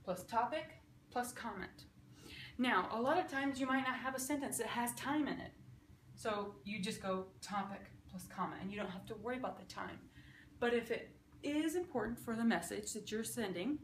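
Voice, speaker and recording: A woman with a fairly high, fairly bright voice teaches sign language grammar casually. Working step by step at a whiteboard, she keeps checking in with "okay?", in an echoey room with faint background noise.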